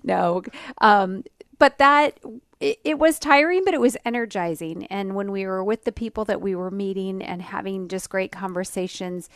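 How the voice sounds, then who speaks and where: A woman co-hosting a radio talk show, speaking reflectively with pauses and ums. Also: medium pitch, smooth, no room sound, studio quality.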